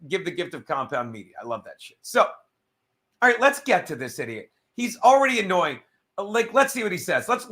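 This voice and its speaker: A man with a high, bright voice rants profanely about a football coach. His delivery is crude, mocking and animated. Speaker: show host. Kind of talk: profane sports rant.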